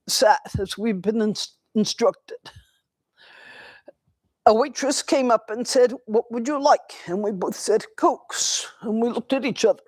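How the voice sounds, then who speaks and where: An older woman giving a dharma talk in a temple, telling a personal story in a slow, reflective way with pauses. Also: fairly high pitch, no echo. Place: temple hall.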